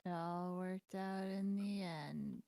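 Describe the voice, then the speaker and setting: A woman's voice: fairly low pitch, slow pace, vocal fry, dark tone. A woman chatting casually with her tabletop game group in an easygoing, giggly way.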